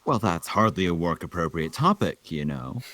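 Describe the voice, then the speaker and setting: A man's voice: low voice, animated, normal speed, a bit bright, no echo. A man reading the part of a prim, gossipy older woman clerk in a table read.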